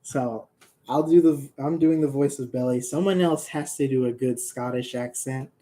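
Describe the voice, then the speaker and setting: A man's voice: medium pitch, moderate pace, mellow. A young man casually chatting on a livestream about his comic characters, rambling, joking and laughing often. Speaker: comic creator streaming.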